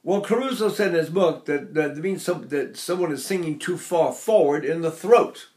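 A man's voice: on the high side, moderate pace, darkish tone. An older man teaching singing, talking in a rambling, anecdotal way and breaking off to demonstrate sounds. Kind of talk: spoken singing lesson.

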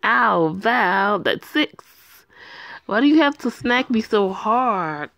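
A woman's voice: medium pitch, lively intonation, slow, fairly bright tone, no echo. A woman voicing a little girl who whines and complains about being hurt. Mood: whiny. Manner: whining, complaining.

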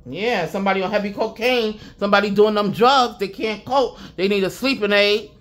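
Her mid-range voice moving a little fast, an intuitive reader offers viewers a casual spiritual reading. She's profane and emphatic, chuckling frequently and coming back again and again to "I'm telling you."

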